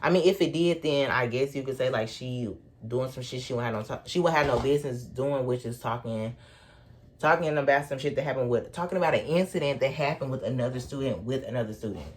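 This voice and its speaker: A young man tells a wild story in a casual storytime vlog, indoors at home while sipping a drink. He is animated, swears constantly and laughs as he talks, in a mid-range, fairly quick voice with a little hiss or hum in the background.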